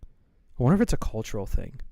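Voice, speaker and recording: A man's voice: mid-range voice, very animated, brisk, vocal fry, warm tone, no room sound. A man chatting casually on a live stream while he draws, rambling and playful as he thinks aloud.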